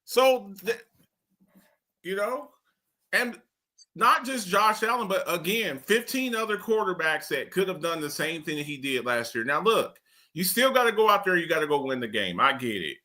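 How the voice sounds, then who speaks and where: A bright, high-pitched man hosting a sports talk show. He rants with excitable energy, and his pitch and volume jump around as he makes his points. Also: normal speed. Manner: loud, excitable, swings high and low in pitch, slips into mock voices. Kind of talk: animated sports talk rant.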